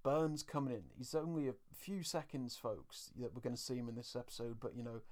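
A man hosts a relaxed podcast chat. He recaps scenes in a loose, chatty way and laughs often. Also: medium pitch, brisk. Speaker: podcast co-host.

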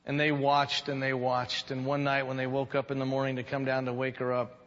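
A man's voice: mid-range voice, monotone, brisk, fairly bright tone, big-room sound, muffled recording. A man preaching a sermon as pastor, conversational, with jokes and rhetorical questions. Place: church sanctuary.

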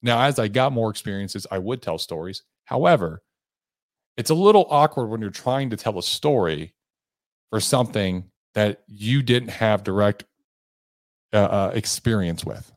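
A man's voice: on the low side, animated, moderate pace, no echo, studio quality. A man hosting a sales coaching podcast, talking earnestly and with emphasis. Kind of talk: motivational podcast monologue.

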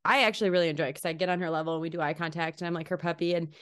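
A woman's voice: lowish voice, steady tone, very fast, a bit bright, clear, resonant tone, no echo, studio quality. A woman, a parent, chatting casually and asking about her toddler's play, acting out family moments as she talks. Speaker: podcast host, parent. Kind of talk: casual chat.

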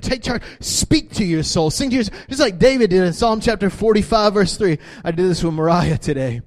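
Male pastor with a high, expressive voice, swings between soft talk and shouted passages. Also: fairly quick, hardly any pauses. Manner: animated preaching, swinging from quiet to shouting. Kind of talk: sermon.

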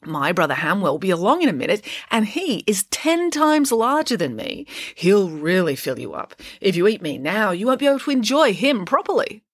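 A woman's voice: mid-range voice, sing-song, moderate pace, few pauses, no echo, clean studio sound. A woman voicing a vain, well-mannered little female pig who cheerfully boasts and talks her way out of trouble in a storybook reading. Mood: persuasive.

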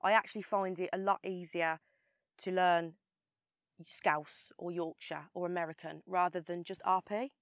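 A woman's voice: lowish voice, steady tone, moderate pace, no room sound, studio quality. A young woman with a Birmingham accent, an actress chatting as an interview guest, with lots of fillers and restarts. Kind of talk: casual interview chat.

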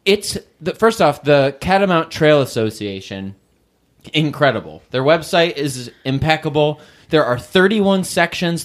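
Co-host, male, lively enthusiastic storyteller, slightly higher voice, lots of swing in pitch. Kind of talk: casual storytelling chat.

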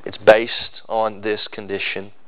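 A man's voice: fairly low pitch, level tone, takes it slowly, dull audio. A male pastor, preaching a sermon with emphatic, building repetition.

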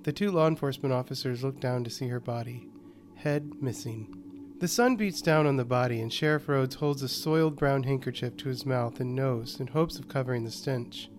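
A man hosting a horror podcast and narrating a scripted short story in a calm, even delivery. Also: mid-range voice, normal speed, background noise.

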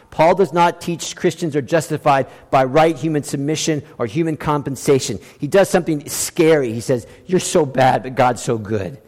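A middle-aged man preaches a sermon, driving his points home by repeating phrases and moving between hushed lines and raised ones. His voice sits high for a man. The church sanctuary around him rings with a long reverb tail. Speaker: pastor.

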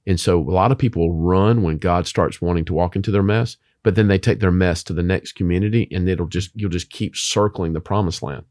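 Low-voiced man preaching emphatically. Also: a little fast, few pauses, a little mellow, dry recording, clean studio sound. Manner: emphatic, preacher-like, rhetorical questions. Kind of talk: preachy faith talk.

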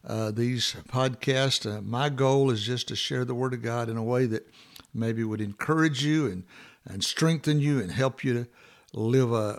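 A man with a gravelly, fry-edged voice leads a morning devotional podcast. He talks in a loose, unscripted way, pausing often with fillers and restarting his sentences as he reflects on scripture. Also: medium pitch. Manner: halting, many fillers and restarts. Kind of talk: informal devotional talk.

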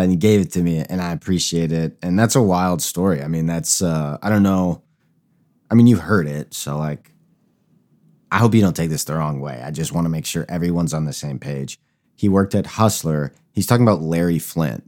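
A man's voice: deep voice, warm tone. A man hosting a podcast, talking loosely and rambling with swearing and self-mocking asides. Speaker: podcast host. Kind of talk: casual chat.

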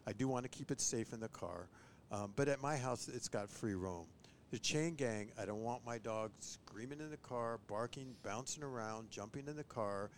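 A man who trains bird dogs, chatting on a podcast and giving tips, who often acts out owners and dogs in a higher voice. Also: moderate pace, a little hiss or hum. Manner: animated, mimics owners and dogs in a high voice. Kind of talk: casual podcast chat.

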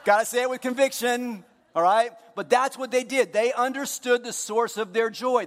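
A man preaching a sermon to his congregation, joking with them and moving between hushed earnest moments and loud, playful ones. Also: high-pitched, normal speed, big-room sound. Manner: jokey, talks directly to the congregation. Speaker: pastor. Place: church hall.

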